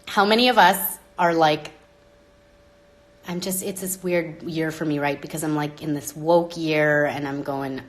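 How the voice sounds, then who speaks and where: A woman hosting a live stream into her phone, talking dramatically and with exasperation, swinging between loud outbursts and hushed asides. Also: lowish voice, normal speed. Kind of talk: rambling live-stream monologue.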